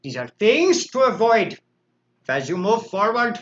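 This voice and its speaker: Brief: man playing a hammy fake-accented mock doctor on a comic live stream, bright and swooping, muffled lo-fi stream audio. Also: high-pitched, sing-song, heavily acted. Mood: grandly lecturing. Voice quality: put-on foreign accent, slow theatrical delivery. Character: pompous mock doctor lecturing with a stick. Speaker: host.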